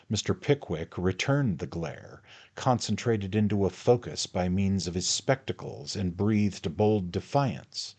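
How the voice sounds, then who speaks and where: A man reading a classic novel aloud in measured, scripted narration. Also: deep voice, lively intonation, darkish tone, breathy edge. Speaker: audiobook reader.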